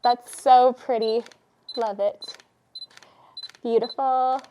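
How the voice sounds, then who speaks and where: A woman's voice: a little high, fairly even intonation, takes it slowly, lo-fi sound, a little hiss or hum. Gushing woman photographer giving model directions. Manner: gushing, encouraging, repeats praise words. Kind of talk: casual studio directions. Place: indoor photo studio.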